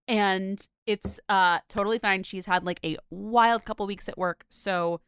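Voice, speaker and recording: A young woman hosts a casual podcast in a dry, close-miked space, her voice smooth and clear. She talks in a chatty, rambling way, full of fillers and little laughs. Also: mid-range voice, fairly even intonation, unhurried, a bit bright, dry recording. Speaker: podcast host.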